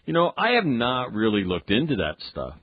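A man's voice: mid-range voice, huge pitch swings, moderate pace, no room sound, muffled recording. A man hosting a radio talk show, chatting casually and rambling with jokes. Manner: rambling, jokey, acts out quotes.

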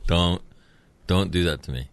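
A man hosting a podcast in casual chat, quizzing his guests and teasing them in a measured way. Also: deep voice, gravelly, a crowd in the background. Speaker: podcast host.

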